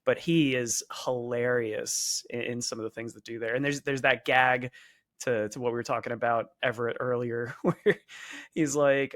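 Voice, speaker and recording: Male podcast co-host, casual and enthusiastic, mid-pitched, close dry mic. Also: level tone, normal speed, fairly bright tone, no room sound. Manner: enthusiastic, swears casually, laughs often. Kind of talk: casual film-review chat.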